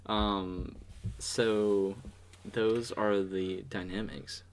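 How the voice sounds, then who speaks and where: A man's voice: deep voice, level tone, very slow, gravelly. A young man hosting a casual podcast chat, laid-back and laughing often. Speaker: podcast host.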